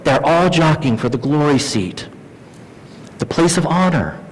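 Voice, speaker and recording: A man's voice: lively intonation, measured pace. A man preaching a sermon as pastor, who acts out the voices of the people he quotes. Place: church hall. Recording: reverberant church hall with faint rumble.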